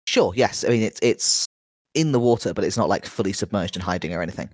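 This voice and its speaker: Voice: sits low, expressive, quick pace, no echo, studio quality. A game master narrating a tabletop game in a playful, chuckling way.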